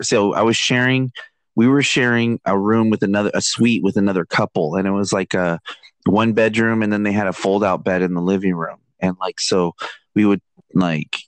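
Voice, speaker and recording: A man's voice: low voice, dry recording, poor audio. A man chatting casually on a podcast, laid-back and hesitant, with lots of fillers. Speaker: podcast guest. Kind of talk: casual chat.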